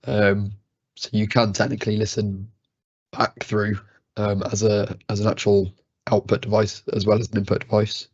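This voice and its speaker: A man with a croaky, unwell voice co-hosting a live stream, explaining things hesitantly with many fillers. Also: lowish voice, little pitch movement, moderate pace, no room sound. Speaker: co-host of a live training stream. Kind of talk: casual live-stream chat. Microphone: studio mic on a video call. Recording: slightly dull lo-fi stream audio.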